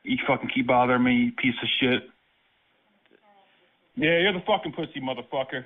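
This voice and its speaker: A man's voice: medium pitch, fairly quick, long pauses. A man making an angry prank phone call, swearing and issuing threats in a ranting manner. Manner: profane, threatening rant. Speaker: prank caller. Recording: tinny phone line.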